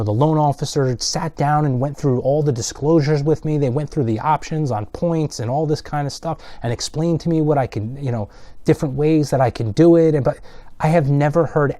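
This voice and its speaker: Guy venting on his vlog, rambly and fed up, mellow voice, dry close sound. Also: mid-range voice, a little fast, no room sound. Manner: exasperated, rambling, mocking voices of others. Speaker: video blogger. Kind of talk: casual ranting monologue.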